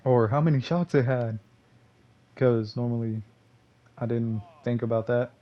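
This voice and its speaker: A man's voice: mid-range voice, fairly even intonation, measured pace, highs cut off. A young man from Texas commentating on his own gameplay in a rambling, loose way, full of fillers and curses. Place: home gaming room.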